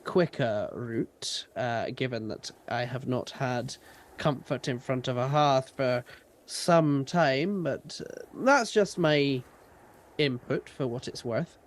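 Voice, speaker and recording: A man voicing a calm, cryptic old druid guide. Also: medium pitch, lightly acted. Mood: measured. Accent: British. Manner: slow, measured, hesitant phrasing.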